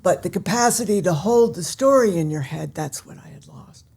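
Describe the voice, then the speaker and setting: An older woman, an author, chatting as a guest in an interview and telling her stories in an animated, theatrical way. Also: fairly low pitch, moderate pace, breathy edge. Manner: animated storyteller who acts out scenes. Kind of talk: casual interview chat.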